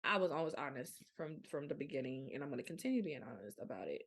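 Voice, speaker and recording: Podcast host, young woman, low gravelly voice, blunt and animated. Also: quick pace. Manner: frank, animated storytelling with colloquial speech. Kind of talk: candid casual monologue.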